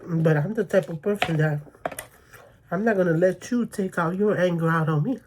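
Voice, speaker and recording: A woman's voice: lowish voice, moderate pace, darkish tone, slight background noise. A woman from the Bronx, telling a personal story to camera in casual vlog talk, emphatic and repetitive, checking in with "okay?" and "you know what I mean?". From the Bronx, New York. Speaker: mukbang vlogger.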